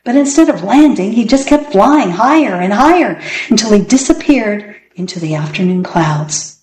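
A woman reading children's picture books aloud with lively expression. Her voice sits at a medium pitch. The recording carries a roomy echo. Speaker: storyteller.

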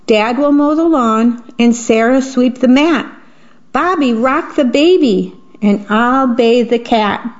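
A woman voicing a bossy hurried parent. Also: fairly high pitch. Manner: brisk, commanding. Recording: dull lo-fi recording.

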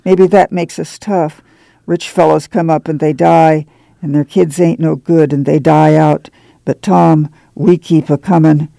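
A woman radio reader voicing a steadfast, soothing farm mother with a gravelly rural drawl. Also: low-pitched, steady tone, a little slow, dark tone, dry recording. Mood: tender.

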